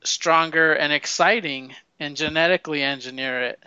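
A man chats casually, telling a film's story in a loose, profane ramble and acting out the characters' lines. His voice sits a little high, bright and clean. The recording is dry and a bit dull. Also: normal speed, clean tone, no echo. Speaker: movie fan recommending films. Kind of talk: casual chat.

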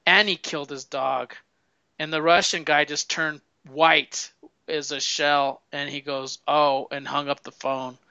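A man chats casually, telling a film's story in a loose, profane ramble and acting out the characters' lines. His voice sits a little high, bright and clean. The recording is dry and a bit dull. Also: smooth, no room sound. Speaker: movie fan recommending films. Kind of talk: casual chat.

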